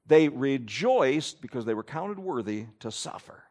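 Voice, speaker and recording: A man's voice: mid-range voice, sing-song, a little slow, darkish tone. A middle-aged male pastor preaching a sermon, acting out his listeners' thoughts in quoted asides.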